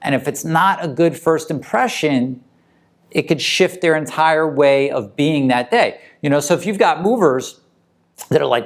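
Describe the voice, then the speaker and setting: A man's voice: on the high side, animated, measured pace. A man coaching moving company owners in a casual motivational talk, talking conversationally and often checking in with the listener. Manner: conversational, tag questions.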